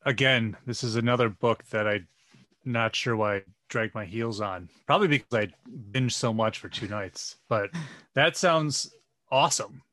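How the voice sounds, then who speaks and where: A man's voice: medium pitch, moderate pace, pushed and bright, no room sound. A man co-hosting a podcast, chatting casually and a little hesitantly about comic books. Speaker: podcast co-host. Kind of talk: casual comic book chat.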